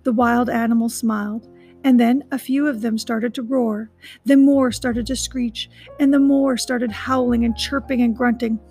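A woman's voice: a little high, steady tone, a little slow, darkish tone, slightly rough, faint music behind, rough recording. A woman reading a children's novel aloud, adding chatty asides to her listeners. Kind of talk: storybook read-aloud.

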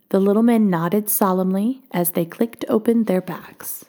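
A woman reading a children's storybook aloud, expressive and often dropping to a hush. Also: medium pitch, measured pace.

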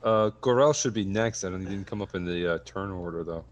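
A man playing a tabletop game, lively and given to excited outbursts. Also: sits low, a little fast. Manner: lively, rises into excited shouts. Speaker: player.

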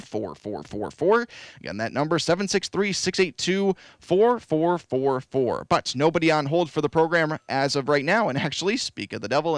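A man hosting a local radio call-in show, friendly, repeating phone numbers slowly. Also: on the high side, dry recording. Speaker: radio host. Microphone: studio microphone.

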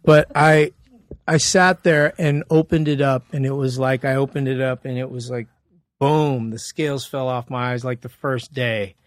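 A man's voice: medium pitch, moderate pace, dry recording. A man as a podcast guest, telling stories in a casual, laid-back way on a studio mic. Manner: animated, acts out quoted dialogue; laid-back slang-heavy talk. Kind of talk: casual interview storytelling.

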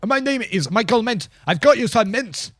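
A man puts on a gruff, impatient Scottish delivery man who shouts and repeats himself. The voice sits well above the performer's own and leaps around as he bellows. The sound is close and dry. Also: very high-pitched, expressive, normal speed, no echo, pitched above the performer's own voice, exaggerated voice. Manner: loud, pushy, repetitive bellowing.

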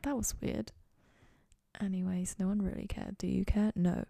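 A woman's voice: medium pitch, steady tone, moderate pace, gravelly, dark tone, dry recording, clean studio sound. A young woman hosting a podcast, chatting casually and rambling in a goofy, self-mocking way from her dorm room. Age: young adult. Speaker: podcast host. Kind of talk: casual solo chat.

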